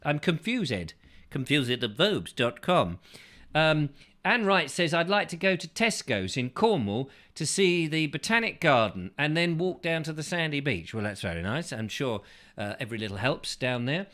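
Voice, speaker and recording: A man's voice: fairly high pitch, sing-song, moderate pace, fairly bright tone. A man hosting a casual show, reading out viewer comments in a playful, rambling way that keeps slipping into silly voices. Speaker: host.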